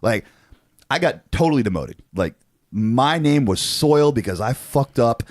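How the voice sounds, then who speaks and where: A man in his forties, co-hosting a podcast, telling a story in a casual, animated way with lots of swearing and fillers. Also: medium pitch, a little slow, dry recording, studio quality. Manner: animated, profane, frequent fillers. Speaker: podcast co-host.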